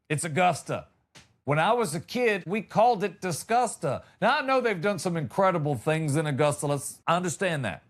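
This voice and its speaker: Animated man telling comic stories. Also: fairly high pitch, normal speed. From Georgia, US. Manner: animated, drawling, acts out voices. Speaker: comedian host. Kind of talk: comedic storytelling.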